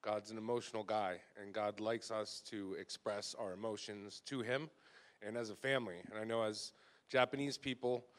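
A man's voice: lowish voice, steady tone, moderate pace. Man, church leader, earnest, emotional, conversational, self-deprecating, informal sermon. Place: church gathering.

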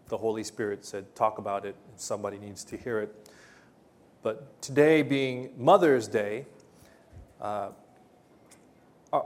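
A man preaching a sermon, telling Bible stories in a hesitant way with many pauses and fillers. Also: lowish voice. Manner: hesitant, many ums and uhs, gentle storytelling. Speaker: pastor.

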